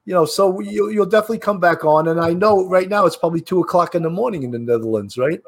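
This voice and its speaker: A man's voice: high voice, quick pace. A man hosting a podcast, chatty and upbeat, often laughing as he thanks his guest. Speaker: podcast host. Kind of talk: casual podcast chat.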